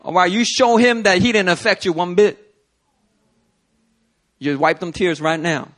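Man doing a Trinidadian woman teacher, high-pitched, lively, firm, comforting. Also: measured pace. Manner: firm, scolding yet comforting. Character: stern caring Trinidadian woman schoolteacher.

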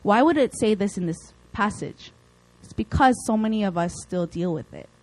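A young woman preaching a casual, lively sermon, with chatty asides and playful acted quotes. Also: medium pitch, moderate pace, no echo, low-quality recording.

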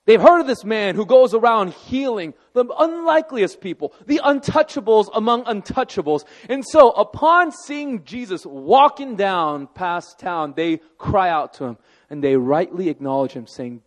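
High-voiced pastor preaching in a hall. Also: male voice, moderate pace. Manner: animated, conversational preaching with asides to the congregation. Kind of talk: sermon.

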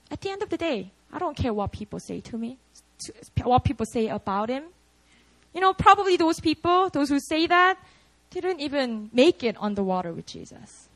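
A woman's voice: a little high, a bit bright, low-quality recording. A young woman preaching a casual, storytelling sermon, chatty and full of "like" and "you know". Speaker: preacher at a prayer meeting.

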